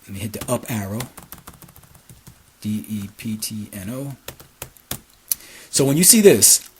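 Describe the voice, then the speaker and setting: A man teaching a hands-on database lesson over a screen recording, repeating key phrases and dictating commands slowly as he types. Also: on the low side, animated, noisy background. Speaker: SQL instructor.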